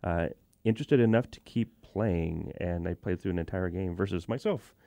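A man on a board game podcast, talking in a halting way with many fillers. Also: low-pitched, vocal fry, mellow, dry recording. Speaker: podcast panelist. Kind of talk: casual chat.

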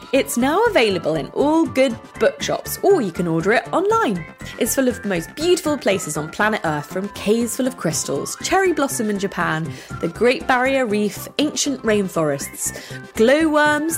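A woman hosting a podcast for children, reading a script in a bright, expressive way. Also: mid-range voice. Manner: bright, lively, expressive delivery.

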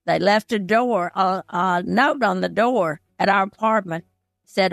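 A woman's voice: mid-range voice, slow, vocal fry, dry recording, clean studio sound. An older woman as an interview guest, telling a personal story in an earnest, heartfelt way. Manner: earnest, heartfelt, retells past conversations.

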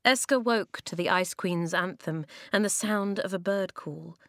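A woman narrating a children's novel in an even, expressive storytelling manner. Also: fairly low pitch, unhurried, no echo, studio quality. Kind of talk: audiobook reading of a children's novel.

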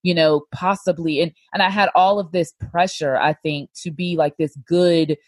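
Candid woman podcast host, lower voice. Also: fairly even intonation, moderate pace, no echo. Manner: earnest, lots of "like" and "you know". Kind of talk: candid personal storytelling.

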